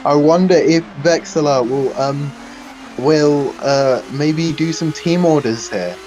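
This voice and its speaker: A man's voice: on the high side, slow pace, a little mellow, a little hiss or hum, poor audio. A man co-commentating a sim race in a casual, teasing way, with some hesitant restarts.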